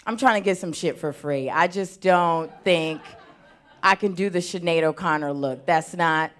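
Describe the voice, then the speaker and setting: Animated woman doing stand-up comedy. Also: on the low side, normal speed. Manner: lively, animated delivery with big swings in loudness. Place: theater stage before a live audience.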